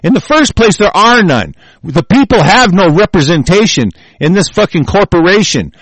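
A man's voice: sing-song, moderate pace, husky, no room sound. Swearing, ranting man. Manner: reads lines aloud then rants with heavy swearing; loud and heated, then mutters low. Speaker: vlogger reacting to a text. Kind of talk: profane angry political rant.

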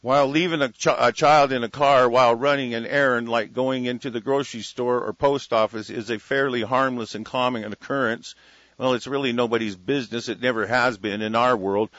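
A man hosting a solo talk radio show, ranting with heavy profanity, dropping from muttered asides to loud declarations. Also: medium pitch, dry recording. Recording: lo-fi radio broadcast sound.

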